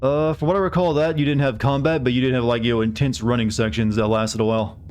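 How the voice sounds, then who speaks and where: A man's voice: medium pitch, fairly even intonation, fast, darkish tone, a little hiss or hum. A male streamer giving casual, rambling gameplay commentary while chatting with viewers. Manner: chatty, rambling, many restarts.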